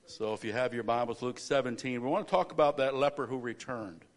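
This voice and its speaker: A man pastoring a church service, praying and preaching a sermon that builds to loud, emphatic stretches. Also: medium pitch, a little fast. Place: church sanctuary. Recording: reverberant church hall.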